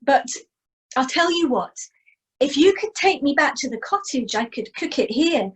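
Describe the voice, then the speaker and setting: A woman's voice: sits high, very animated, moderate pace. A woman voicing Morag, a fretful mother. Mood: coaxing. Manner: fretful, pleading, then coaxing. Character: resourceful young Scottish mother, clever.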